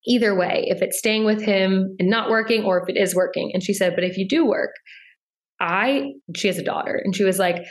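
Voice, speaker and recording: A young woman chatting casually as a podcast guest, leaning on lots of filler "like"s. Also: mid-range voice. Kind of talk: casual interview chat.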